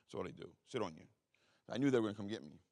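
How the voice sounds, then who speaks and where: A man's voice: on the low side, expressive, racing, a little mellow. A man telling a story from his own life in a blunt, profane, self-mocking way. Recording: reverberant hall.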